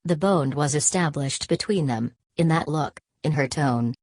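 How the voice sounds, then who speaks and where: A woman narrating a classic novel as an audiobook, reading in a measured, even way. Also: sits low, no room sound. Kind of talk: scripted narration.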